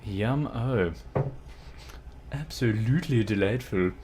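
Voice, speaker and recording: Man, streamer, casual livestream chat, rambling, distracted, deep-ish voice, unhurried. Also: expressive, background noise.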